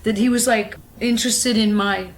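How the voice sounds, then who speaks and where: A woman's voice: on the high side, fairly even intonation, moderate pace. A woman in her fifties, an actress interviewed at her home, telling rambling stories in a candid, profane way and laughing easily. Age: 50s.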